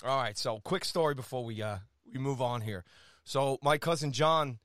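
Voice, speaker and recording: A man hosting a casual chat, playful and quick to tease and laugh. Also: mid-range voice, a bit bright, no echo, studio quality. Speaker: podcast host.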